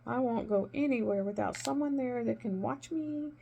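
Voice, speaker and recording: A middle-aged woman with a slightly high, gravelly voice tells a story in a relaxed, chatty way. She leans hard on her points and repeats them for emphasis. A faint hum sits under the recording. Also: moderate pace, highs cut off. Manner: animated, emphatic retelling of conversations. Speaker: crafting vlogger, former nurse. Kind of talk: casual storytelling while crafting.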